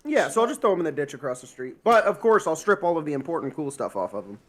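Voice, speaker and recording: A man's voice: on the high side, very animated, fast, fairly bright tone. A man playing a tabletop game, bantering and joking with the game master. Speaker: player. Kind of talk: casual tabletop play.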